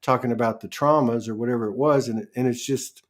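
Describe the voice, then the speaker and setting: A man's voice: medium pitch, steady tone, a little fast. A man hosting a casual spiritual talk show, rambling and restarting as he tells stories and laughs along. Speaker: host.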